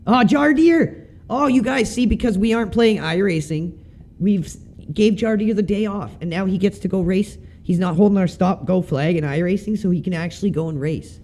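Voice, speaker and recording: A man's voice: high-pitched, fairly quick, mellow. A man chatting casually and swearing now and then while commenting on his sim racing stream. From Canada.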